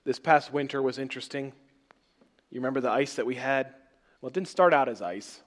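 A man preaching a sermon as pastor, swinging between loud emphatic phrases and soft, trailing words. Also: mid-range voice, a little fast.

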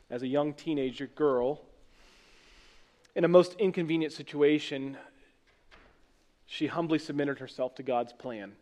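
A man preaching a sermon as pastor, earnest and conversational, often restarting and correcting himself. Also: mid-range voice.

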